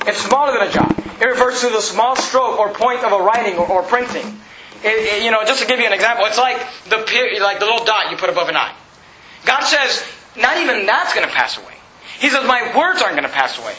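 High-voiced preacher man in roomy church. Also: lively intonation, fast talker. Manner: emphatic, repetitive preaching with rising shouts. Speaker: pastor. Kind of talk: sermon. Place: church hall. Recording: roomy, slightly dull, congregation audible. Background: congregation responding.

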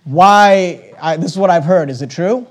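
Speaking at normal speed, a high-voiced pastor delivers a pulpit sermon that alternates between quiet earnestness and loud, animated bursts. Along the way he quotes scripture and performs brief exchanges between people.

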